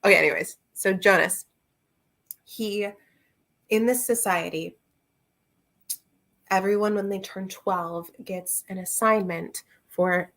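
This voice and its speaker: A book reviewer chats casually on a livestream about books, laughing a lot and responding to her viewers. Her medium-pitched voice is fairly bright, and she speaks slowly with frequent pauses.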